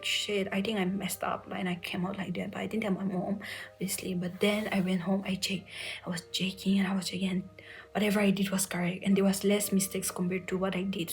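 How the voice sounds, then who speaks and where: A young woman telling an emotional personal story, softly and often near a whisper, tearful at times, with many fillers. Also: mid-range voice, low-quality recording. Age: young adult. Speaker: medical entrance exam aspirant sharing her story.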